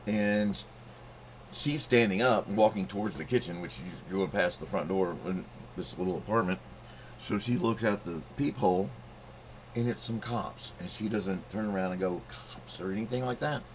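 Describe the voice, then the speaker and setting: A middle-aged man with a low voice spins a long, profane story in a loose, rambling monologue. He often jumps into a louder voice to act out what others said. A faint ambient hum sits behind him. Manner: profane, rambling, acts out quotes in raised voice. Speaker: channel host telling a story.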